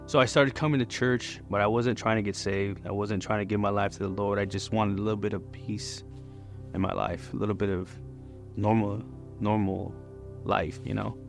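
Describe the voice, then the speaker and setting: A man in his forties tells his personal testimony in a candid, rambling way. His voice sits fairly low with a gravelly edge, and soft music plays underneath. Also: little pitch movement, normal speed. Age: 40s. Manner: candid and conversational, many fillers. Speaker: church member giving testimony.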